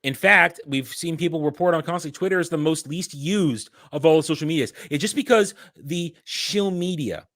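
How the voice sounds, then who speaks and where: A man with a slightly high voice hosts a casual commentary chat, ranting animatedly with many restarts. He talks at normal speed with few pauses, and the studio recording is clean, without echo.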